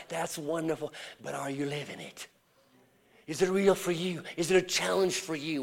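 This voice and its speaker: A man preaching as a traveling evangelist, telling a story and acting out the voices in it, swinging from shouts to hushed whispers. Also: on the high side, unhurried, vocal fry, long pauses. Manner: acts out quoted voices in storytelling. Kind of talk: sermon.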